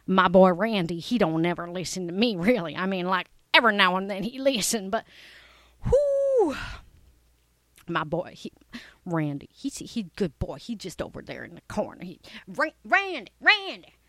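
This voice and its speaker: A woman's voice: lowish voice, expressive, fairly quick, fairly bright tone, no echo. A woman doing a brash, folksy comic monologue as a pushy coach mom. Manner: brash, folksy, ungrammatical slang. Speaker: comedic character, a pushy talent coach mom. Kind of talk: character comedy monologue.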